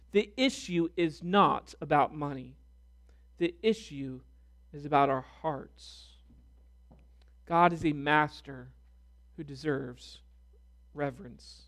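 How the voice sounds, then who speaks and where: A man preaching a sermon as pastor, reading scripture with deliberate emphasis. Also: on the high side, fairly bright tone. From United States.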